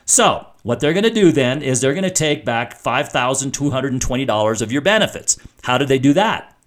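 A man's voice: mid-range voice, lively intonation, brisk. A middle-aged man hosting a finance radio show, explaining things in a conversational way with frequent restarts. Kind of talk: talk radio monologue.

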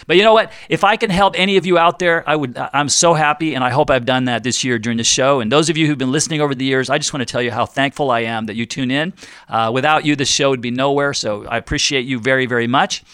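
Bright, crisp-voiced radio host. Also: male voice, medium pitch, quick pace, no room sound, clean studio sound. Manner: jokey, chatty, self-deprecating. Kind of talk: radio talk show.

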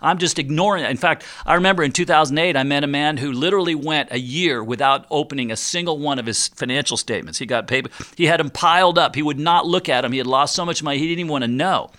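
A man's voice: on the high side, fast, few pauses, pushed and bright. A middle-aged man hosting a financial radio talk show, chatty and playful, often acting out worried investors in quoted voices. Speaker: radio show host and retirement planner.

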